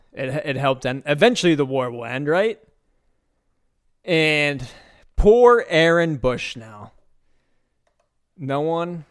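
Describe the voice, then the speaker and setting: A man hosting a podcast, talking in a loose, sarcastic and incredulous way, rambling through his thoughts. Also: a little high. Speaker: podcast host. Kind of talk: casual commentary.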